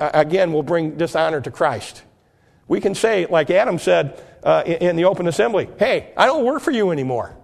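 A man's voice: high voice, creaky. A man preaching a sermon, teaching earnestly from the Bible and often restarting and repeating words. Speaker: pastor.

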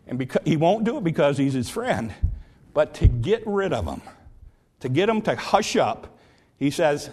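A male pastor preaching a sermon, retelling a parable with lively storytelling and repeated emphasis. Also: on the high side, normal speed. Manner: animated storytelling, repetitive emphasis.

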